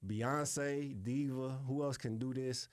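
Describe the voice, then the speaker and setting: A middle-aged man, a music producer being interviewed, telling stories in a relaxed, salty way and often adding "you know what I'm saying". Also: mid-range voice, slow, no echo, studio quality. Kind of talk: casual interview storytelling.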